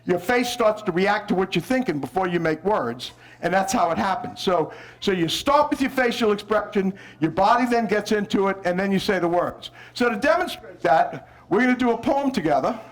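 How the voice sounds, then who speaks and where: A man from New Orleans, a visiting poet, coaching children and parents to recite with expression, coaxing them along and breaking into shouted lines. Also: high voice, animated, moderate pace, hardly any pauses. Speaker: visiting poet leading a school workshop. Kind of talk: lively workshop with children and parents.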